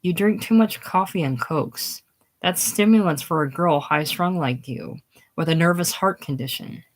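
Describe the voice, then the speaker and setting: A woman's voice: on the low side, normal speed, close to an everyday voice. A woman reading as a bossy, fussing older woman. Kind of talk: casual play reading.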